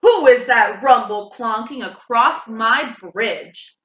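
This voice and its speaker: A woman voicing a mean, hungry male troll in a children's storybook reading, with a low, slow growl. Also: sharp tone, echoey room, highs cut off.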